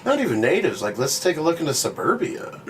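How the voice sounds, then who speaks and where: A man's voice: fairly high pitch, sing-song, fast talker, slight background noise. Profane, laid-back man on a podcast. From grew up on a reservation. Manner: loose, profane, keeps saying "you know what I mean". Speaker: podcast co-host. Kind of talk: casual chat.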